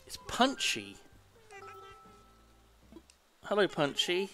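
A man's voice: mid-range voice, animated, unhurried, a bit bright, soft background music. A man streaming a game live, chatting casually, swearing freely and muttering apologies to himself.

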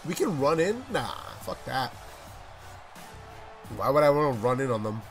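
A young man giving profane let's play commentary on a wrestling game, muttering low asides and then shouting at what happens on screen. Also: sing-song, moderate pace, faint music behind. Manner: swears constantly, swings from mumbling asides to shouting at the game. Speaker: gaming YouTuber.

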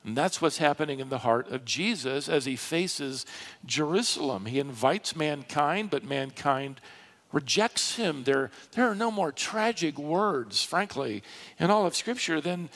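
A man preaching a sermon from a church pulpit, slow and dramatic, swelling into emphatic rises. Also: on the high side, animated, fairly bright tone. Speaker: pastor. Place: church sanctuary.

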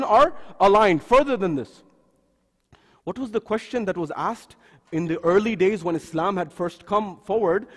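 A man with a high voice gives a religious lecture and moves easily between telling a story and playing its characters. His voice rings with a long reverb through a mosque hall. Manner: storytelling, acting out the quoted figures.

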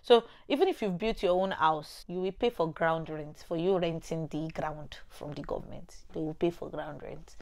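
Young Nigerian woman, Nigerian accent, lower-pitched, casual and emphatic to camera. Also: normal speed, hardly any pauses. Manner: animated, emphatic, repeats points for stress. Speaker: vlogger.

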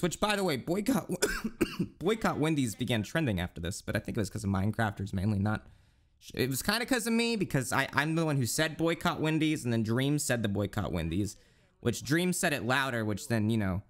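Animated young male streamer, lively pitch. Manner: animated, profane, joking rants; breaks into high squeaky voices to mimic others. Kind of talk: casual live-stream chat.

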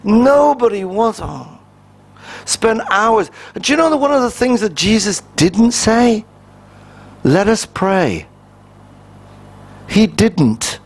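High, lively man preaching. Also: slow pace. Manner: conversational and humorous, acting out little quoted exchanges. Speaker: pastor. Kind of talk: sermon.

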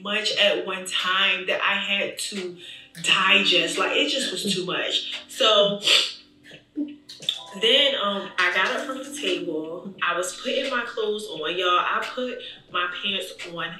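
A woman vlogger tells an emotional story in a very bright, sharp voice, chatting straight to her viewers. She sounds a bit away from the mic in an echoey room. Faint music plays underneath. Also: medium pitch, slow pace, distant mic. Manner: animated, chatty, addresses viewers directly.

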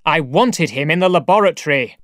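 A man voicing a stern, commanding male scientist who rules over beast-people, speaking slowly and loudly. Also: on the high side, expressive, no room sound, clean studio sound. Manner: loud, slow, imperious commands.

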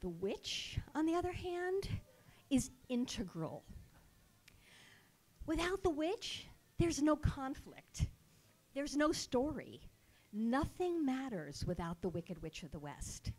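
Woman storyteller on stage, sarcastic and comic, high voice that leaps around. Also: slow pace. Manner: sarcastic, animated comic delivery. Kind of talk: live storytelling performance. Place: live show stage.

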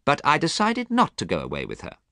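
A man voicing a young gentleman in a storybook reading, earnest and pleading, in a raised voice. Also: on the high side, huge pitch swings, brisk, no echo, studio quality, pitched above the performer's own voice, exaggerated voice. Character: young gentleman, anxious and eager to be good.

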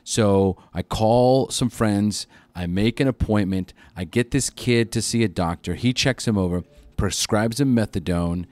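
Male podcast guest, lower register, dry close sound, profane animated storyteller. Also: no echo. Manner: profane, animated retelling with acted-out quotes. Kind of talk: casual storytelling.

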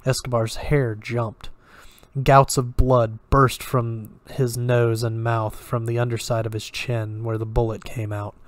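A man reading a dark thriller story aloud in a steady, even storytelling manner. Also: medium pitch, unhurried, dry recording. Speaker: story reader. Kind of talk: audiobook-style story reading.

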